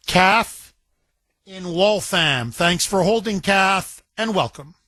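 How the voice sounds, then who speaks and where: A man's voice: sits high, slow pace, pushed and bright, dry recording. A man hosting a talk radio show, speaking with impassioned, indignant emphasis and taking calls. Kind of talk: talk radio monologue and call-in.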